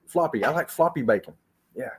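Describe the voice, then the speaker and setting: A man's voice: mid-range voice, lively intonation, fairly quick, slightly rough. A man from Florida hosting a casual travel livestream from a hotel room, chatty and laughing often, calling his viewers y'all. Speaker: travel channel host.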